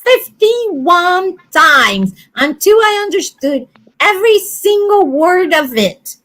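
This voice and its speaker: A woman from Brazil speaks English with a clear Brazilian accent, sitting in on a casual livestream chat. Her voice sits very high. She tells animated stories and laughs easily. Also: takes it slowly. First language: Portuguese. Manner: animated storyteller, laughing often.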